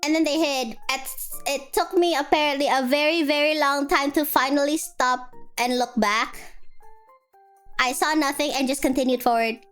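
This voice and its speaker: High-voiced young woman telling rambling stories. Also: normal speed, faint music behind. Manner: rambling, animated storytelling with many fillers. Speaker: streamer. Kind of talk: casual chat.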